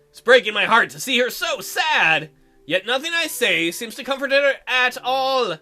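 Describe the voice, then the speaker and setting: A man's voice: very high voice, big pitch swings, normal speed, pushed and bright, faint music behind. A man hosting a visual novel playthrough, narrating the text with crude, joking asides. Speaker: let's play host.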